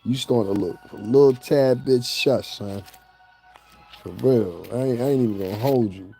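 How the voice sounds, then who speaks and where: Male gossip vlogger with a mellow voice, mocking and ranting, laughs at his own jokes. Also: mid-range voice, moderate pace, soft background music. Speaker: celebrity gossip commentator. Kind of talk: profane ranting commentary.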